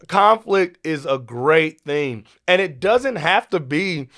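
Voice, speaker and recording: Man, podcast host, African American English accent, conversational, animated. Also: on the high side, slow pace, hardly any pauses. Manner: animated, conversational, many restarts. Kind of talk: casual teaching talk.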